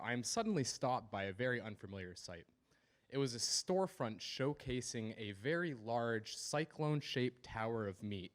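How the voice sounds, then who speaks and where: A young man telling a personal story at a live community event in a measured, descriptive way. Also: on the low side. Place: small event stage.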